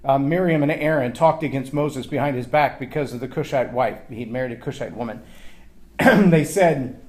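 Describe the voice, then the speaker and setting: A man giving an animated Bible teaching on leadership, often acting out quoted lines and repeating words as he thinks aloud. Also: mid-range voice, normal speed.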